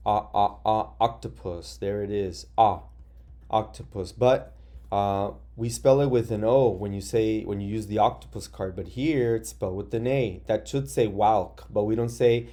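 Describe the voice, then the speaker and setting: Speaking in a mellow, lowish voice, a man teaches young children phonics in a lesson recorded from his office. He goes slowly and patiently, spelling each word out one letter at a time.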